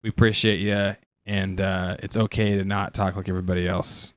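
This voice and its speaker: A man's voice: deep voice, flat delivery, a little fast, clear, resonant tone, no room sound, clean studio sound. A man co-hosting a podcast, chatting casually and telling a rambling story. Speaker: podcast co-host. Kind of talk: casual chat.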